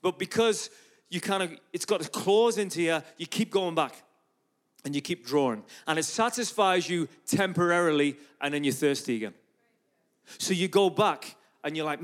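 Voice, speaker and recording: A fairly high-pitched man preaching from a church stage, his voice swinging up and down as he tells a story. He leans into acted dialogue and animated storytelling, dropping quiet and then lifting again. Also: moderate pace. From Ireland. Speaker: guest preacher and street evangelist. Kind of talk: storytelling sermon.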